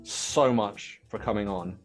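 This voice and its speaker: A man's voice: lowish voice, takes it slowly, faint music behind. A man hosting a podcast in casual political chat. He is playful, laughs often and sets up questions for his guests. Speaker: podcast host.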